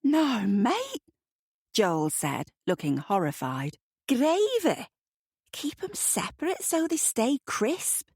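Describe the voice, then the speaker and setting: A woman voicing a British man who argues emphatically about food, his pitch rising sharply. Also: animated, moderate pace, no echo, clean studio sound. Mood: indignant.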